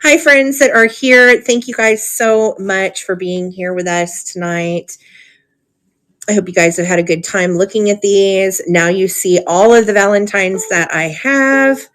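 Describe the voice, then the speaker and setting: A woman's voice: medium pitch, measured pace, fairly bright tone. A woman hosting a live online auction stream, chatty and gushing, with frequent ums as she shows items. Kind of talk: live sale stream chat.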